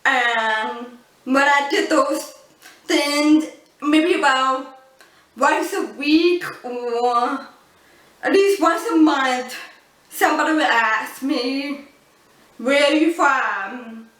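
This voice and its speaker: A young woman from the Boston area with a deaf speech pattern, telling personal stories to camera in a casual, thoughtful way with many pauses and fillers. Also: high voice, a bit bright. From Boston area, United States. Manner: slow, thoughtful storytelling with fillers. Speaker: vlogger. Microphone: built-in camera mic. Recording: echoey room, camera mic from a distance.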